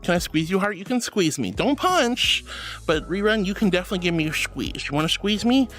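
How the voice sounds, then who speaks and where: A woman streaming as a VTuber archangel persona, chatting casually with her viewers in a playful, dramatic way and turning soft and comforting when she consoles them. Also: lowish voice, sing-song, brisk, soft background music. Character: archangel persona, regal and sweet. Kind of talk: casual livestream chat.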